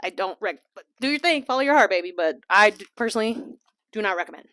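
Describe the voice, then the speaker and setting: A woman hosting a casual podcast, chatty and laughing often, slipping into quiet asides. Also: medium pitch, expressive, fast talker, no echo, studio quality. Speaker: podcast host. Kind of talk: casual chat. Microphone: small desk mic.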